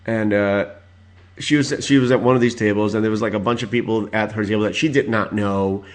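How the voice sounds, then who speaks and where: A man in his forties hosting his own podcast, telling stories in a rambling casual rant full of filler words and loud exasperated outbursts. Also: on the low side, steady tone, brisk. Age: 40s. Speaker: podcast host.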